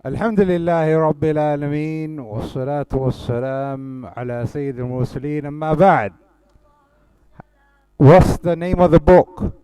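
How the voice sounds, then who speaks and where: A man leads a children's lesson in a fairly high voice, quizzing the kids with one question after another. He starts off with a rapid recited Arabic invocation. The sound is dry, with almost no room echo. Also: steady tone, mellow, smooth. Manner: asks the children questions and prompts them. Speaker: teacher.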